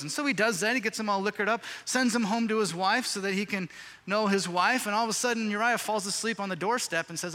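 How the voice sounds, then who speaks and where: Man, pastor, high bright voice, casual storytelling sermon, long hall reverb. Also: quick pace. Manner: casual storytelling, slangy retelling.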